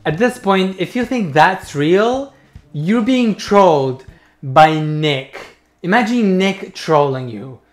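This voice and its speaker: A man's voice: high voice, expressive, slow, echoey room. A young man giving reaction commentary as a YouTuber, mocking, incredulous and sweary.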